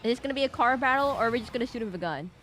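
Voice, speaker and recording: A woman's voice: fairly high pitch, animated, rapid-fire, a bit bright. Give me a chatty woman game streamer with faint music behind her. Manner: chatty, laughing, distracted. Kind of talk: live gameplay commentary.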